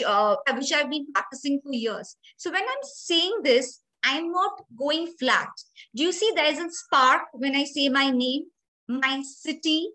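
A woman's voice: sits high, bright, forceful tone, low-quality recording. A young adult woman with an Indian English accent, giving an emphatic, explanatory grooming training lecture and speaking straight to her listeners.

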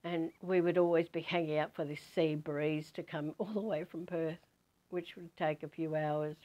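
An Australian woman over fifty from Western Australia, telling a personal spiritual story in an animated way. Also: sits low, moderate pace. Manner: animated, acts out quoted voices. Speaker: spiritual teacher.

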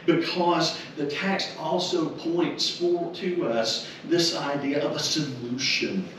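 Slow-preaching man, echoing chapel from afar. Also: fairly even intonation, recorded from a distance, a little hiss or hum. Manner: deliberate preaching, emphatic repetition, drops to soft low tones. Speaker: minister. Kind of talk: funeral sermon. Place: funeral home chapel. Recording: very echoey chapel, heard from afar.

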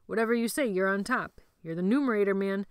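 A woman's voice: mid-range voice, fast, smooth, no room sound, studio quality, lightly acted. Give me a cocky joking teen boy, as a woman puts him on in a storybook reading. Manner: teasing, casual slang.

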